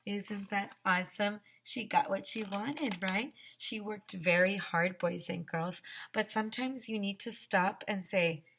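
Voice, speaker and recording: A woman teacher reading a picture book aloud to young children, expressive and stopping to ask the class questions. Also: mid-range voice, unhurried, gravelly, a little hiss or hum.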